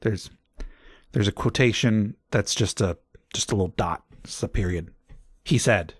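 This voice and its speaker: A man narrating a comedic audiobook in a deadpan manner, with dry asides. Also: on the low side, unhurried, pauses often, slightly rough, dry recording.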